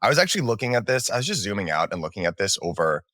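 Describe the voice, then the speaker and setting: Low bright-voiced male co-host, relaxed. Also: racing, no room sound, clean studio sound. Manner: relaxed, meandering, many restarts. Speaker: podcast co-host. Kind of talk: casual market talk.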